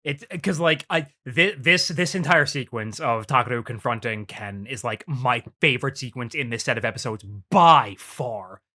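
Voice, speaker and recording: A man co-hosting a podcast, excitedly retelling scenes in casual chat, swearing often and leaning on "like" as filler. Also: medium pitch, normal speed, few pauses. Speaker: podcast co-host.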